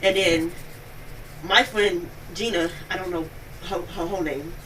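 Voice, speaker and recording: A woman witness giving a rapid, breathless account of events to police at home. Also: fairly low pitch, steady tone, a bit bright. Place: home, near the kitchen. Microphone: police bodycam. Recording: distant bodycam audio with background noise.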